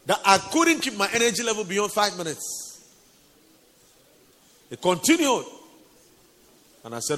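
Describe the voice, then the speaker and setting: A man's voice: high voice, very animated, measured pace, long pauses, pushed and bright. A male preacher giving a sermon with a personal testimony, speaking intimately to listeners as honey and sweetheart. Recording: reverberant hall.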